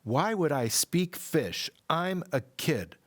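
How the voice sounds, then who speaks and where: Guy voicing a pushy little kid, squeaky and demanding, lots of ups and downs. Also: very animated, slow pace, a bit bright, exaggerated voice. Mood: indignant. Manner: high, pushy and petulant. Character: impatient young boy, rude and demanding.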